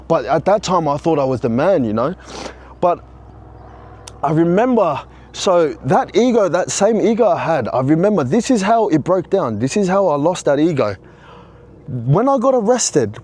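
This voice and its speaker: A man's voice: fairly high pitch, a little mellow. A man casually recounting a personal story, with frequent restarts and plenty of "bro" and "you know". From Australia.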